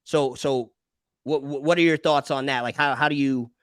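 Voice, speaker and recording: A man's voice: mid-range voice, fairly even intonation, normal speed, fairly bright tone, clean tone, dry recording, studio quality. A man hosting a casual business debate, explaining step by step with frequent restarts. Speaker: podcast host and barber.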